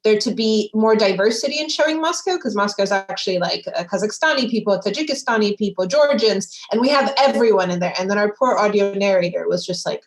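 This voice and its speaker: A woman guest author explaining her process in a steady, easygoing interview manner. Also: medium pitch, brisk, few pauses, rough recording. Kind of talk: casual interview chat.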